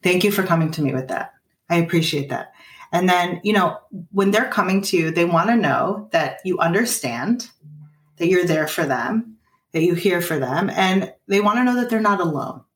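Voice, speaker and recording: Earnest woman parent coach in her 30s, lowish voice, sounds a bit far off in an echoey room. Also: expressive, normal speed. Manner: earnest, gently coaching, acts out parent and child lines. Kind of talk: advice in a podcast conversation. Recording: roomy, off-mic sound.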